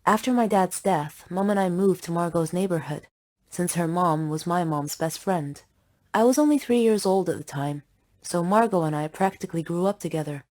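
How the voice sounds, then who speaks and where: A young woman narrating her own story in a steady, earnest scripted read. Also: on the low side, normal speed. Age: young adult.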